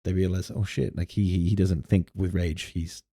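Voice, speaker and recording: A man's voice: low voice, fairly even intonation, normal speed, mellow, slightly rough, no room sound, studio quality. A man co-hosting a podcast, recounting his tabletop campaign in rambling casual chat full of fillers and restarts. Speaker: podcast co-host and game master.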